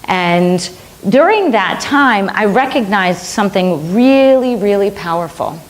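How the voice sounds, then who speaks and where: A woman's voice: mid-range voice, lively intonation, takes it slowly. A middle-aged woman minister giving a sermon, telling a personal story earnestly and repeating phrases for emphasis.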